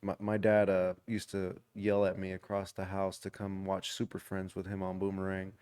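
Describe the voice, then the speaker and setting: A man's voice: sits low, monotone, normal speed, a little mellow, clean tone. A man from Compton, California, a guest on a podcast, talking in a laid-back way with a lot of slang. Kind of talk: casual podcast chat.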